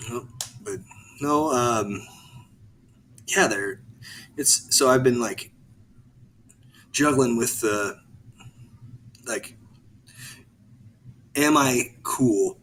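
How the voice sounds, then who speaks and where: Male co-host, everyday mid pitch, chatty and halting, faint background noise. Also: a bit bright, poor audio. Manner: rambling, halting, with frequent restarts. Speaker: podcast co-host. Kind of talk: casual podcast chat.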